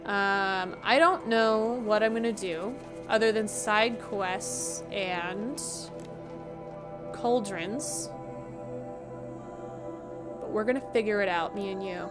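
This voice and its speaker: A woman's voice: medium pitch, slow pace, long pauses, over music. A woman streaming a game who chats casually to her viewers, rambling and joking at her own expense, sounding tired. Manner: rambling, joking and self-mocking. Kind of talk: casual live-stream chat.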